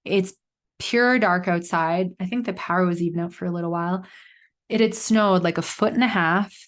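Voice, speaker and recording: Casting note: woman, thirties, solo podcast host, rambling and chatty, slightly low pitch. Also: moderate pace. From Canada. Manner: chatty storytelling with many fillers. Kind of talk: casual solo podcast monologue.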